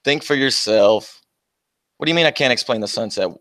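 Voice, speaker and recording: A young livestream host with a medium-pitched, fairly bright voice talks a little fast, with no room sound. He hosts a casual stream, reading chat aloud and trading mocking, profane jabs with commenters while laughing often.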